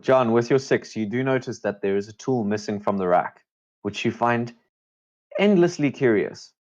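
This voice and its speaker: A man's voice: medium pitch, expressive, moderate pace, darkish tone, lo-fi sound. A man running a tabletop game as game master, describing the scene in a matter-of-fact way.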